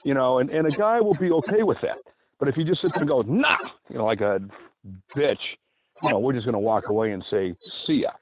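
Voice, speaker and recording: A man's voice: mid-range voice, quick pace, dry recording. Chatty man, tinny phone-like sound. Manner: chatty, digressive, lots of asides. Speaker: author reading his own book. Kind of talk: rambling advice narration.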